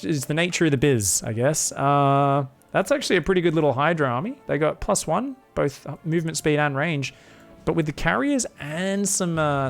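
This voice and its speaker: Excitable, crude game caster. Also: male voice, fairly high pitch, gravelly. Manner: excitable, crude and rambling, with sudden shouts at the action. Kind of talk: live game commentary.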